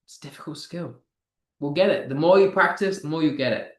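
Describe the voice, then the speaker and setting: A man's voice: a little high, a little fast, echoey room. A man teaching English with a British accent, explaining patiently with frequent ums and restarts. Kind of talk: online lesson.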